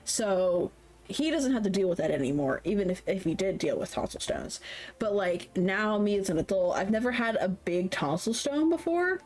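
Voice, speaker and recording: A woman's voice: mid-range voice, sing-song, moderate pace, a little mellow. Rambling, laughing woman in her late twenties. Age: late 20s. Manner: rambling, chatty, laughs often and swears. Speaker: streamer. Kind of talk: casual chat on a live stream.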